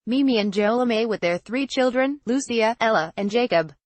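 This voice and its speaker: A woman narrating a memoir excerpt in an even, measured reading voice that changes little for the quoted lines. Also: on the high side, dry recording. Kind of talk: steady read-aloud narration.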